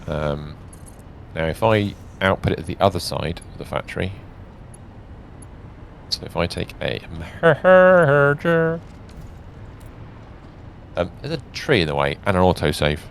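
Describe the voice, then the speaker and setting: Low-voiced man thinking aloud. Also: moderate pace, gravelly, long pauses, a little hiss or hum. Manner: thinks aloud while building, chatty. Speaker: streamer host. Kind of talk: casual gaming chat.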